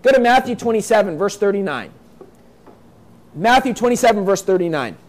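Male preacher, very high voice, reads verses then drives points home emphatically. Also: animated, a little fast. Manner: reads scripture aloud then explains it in plain talk; emphatic, repeats points, acts out quoted voices. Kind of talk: sermon.

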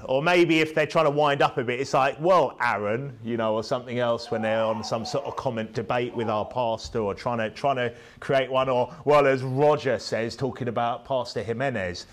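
A man preaching a sermon, rising to emphatic peaks and dropping low on tag questions. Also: normal speed.

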